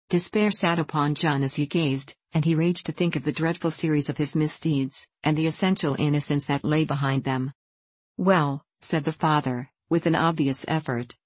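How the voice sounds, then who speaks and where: A woman narrating a classic novel in a measured, plain reading voice, lightly voicing the dialogue. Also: low voice, a little mellow, no room sound. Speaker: audiobook narrator.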